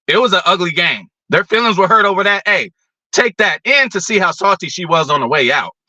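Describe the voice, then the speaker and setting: A man hosting a show, ranting about football in a blunt, profane, animated way. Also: high voice, a little fast, dry recording. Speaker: podcast host. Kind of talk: casual opinion rant.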